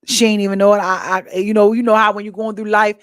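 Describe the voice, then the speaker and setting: Female podcast host, animated and chatty, mid-range pitch, dry room. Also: quick pace, no echo. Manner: chatty, animated storytelling with asides to listeners. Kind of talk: casual monologue.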